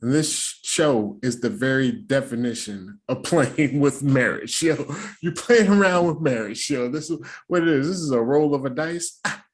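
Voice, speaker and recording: A middle-aged man hosting a casual show recap, talking in slangy, animated asides and jokes. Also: mid-range voice, moderate pace. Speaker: recap host.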